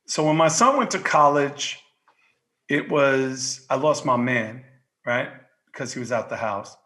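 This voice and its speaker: A man in his fifties from Queens with a New York accent, telling stories in casual podcast chat, swearing freely and shouting when worked up. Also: medium pitch, unhurried. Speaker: guest.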